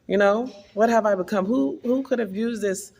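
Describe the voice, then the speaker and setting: A woman speaks to her followers in a personal vlog, recounting a spiritual testimony with earnest feeling. Her voice is husky and a bit breathy, with a gravelly fry underneath. She sits at a middle pitch for a woman. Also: normal speed, darkish tone, big-room sound. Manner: earnest, emotional storytelling. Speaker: vlogger.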